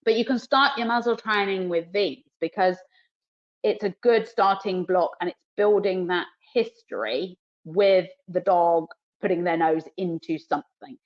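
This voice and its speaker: A woman's voice: on the low side, a little slow. Brief: female dog trainer, New Zealand accent, live webinar demo, explaining and praising, dull lo-fi audio. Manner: explains while cueing the dog, soft praise.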